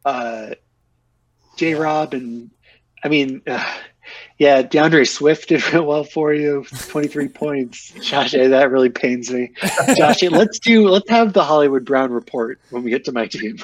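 A man's voice: medium pitch, a little slow, no echo, far from the mic, dull audio. Teasing man, set back from mic. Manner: teasing, laughs mid-sentence. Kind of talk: casual chat.

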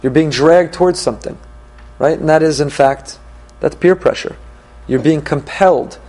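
A man teaching a Torah class, reading verses and translating them phrase by phrase, with frequent pauses and restarts as he thinks aloud. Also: fairly high pitch, a little mellow.

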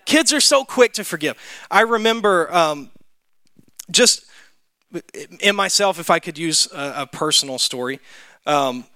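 Bright, high-voiced man preaching. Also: animated, unhurried, long pauses, smooth, no echo. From Mississippi, USA. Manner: storytelling with many fillers. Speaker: church speaker. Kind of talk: sermon testimony.

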